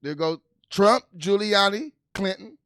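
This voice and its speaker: A man doing casual, animated livestream commentary, reading news aloud and laughing with his viewers. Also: sits high, a little slow, no room sound, studio quality. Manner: animated, laughing, talks to viewers as "you guys"; reads news aloud while scrolling. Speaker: political commentary vlogger.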